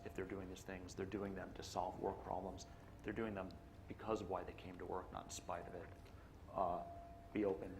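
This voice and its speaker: A man's voice: sits low, gravelly. A man, an IT executive on a panel, making firm, earnest points in short, direct sentences. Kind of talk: panel discussion answer. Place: stage at a live panel event. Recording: live event recording with background noise.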